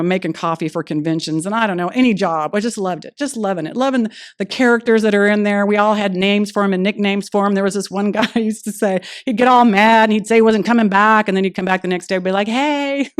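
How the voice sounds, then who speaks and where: A woman speaking at a recovery meeting, telling her personal story in a lively way and acting out the dialogue she recalls. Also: mid-range voice, clear, resonant tone. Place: meeting room.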